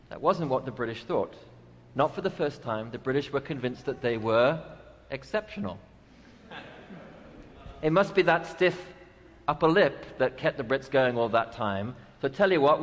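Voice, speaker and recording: A male pastor preaching a sermon, telling stories with a dry sense of humor. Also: medium pitch. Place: church sanctuary. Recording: long church reverb.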